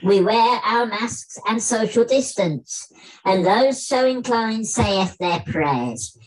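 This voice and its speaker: Blustering famous old actor with a squeaky voice, put on by a man, indignant comic rant, lively swooping delivery, unhurried, video call. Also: poor audio. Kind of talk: comic spoken-word performance.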